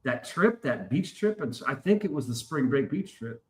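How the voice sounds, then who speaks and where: A man's voice: mid-range voice, sing-song, normal speed, rough recording. A man in his forties hosting a casual show, rambling and swearing through a story. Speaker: podcast host. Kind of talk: casual chat.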